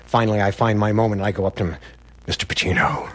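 A man telling a funny personal story in a wry, animated way, acting out the other people's lines. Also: fairly low pitch, rapid-fire, dry recording. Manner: wry, animated, acts out voices. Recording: music bed behind voice.

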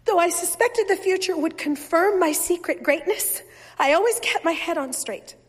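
A woman reading first-person literary fiction aloud in a measured, wistful, softly expressive way. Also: extremely high pitch, big-room sound. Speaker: reader.

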